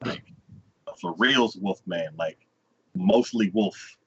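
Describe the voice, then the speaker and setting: A man's voice: sits low, slow pace, fairly bright tone, slightly rough. A man hosting a podcast, casually recapping an anime episode and acting out its characters in exaggerated voices. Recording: dull lo-fi podcast audio.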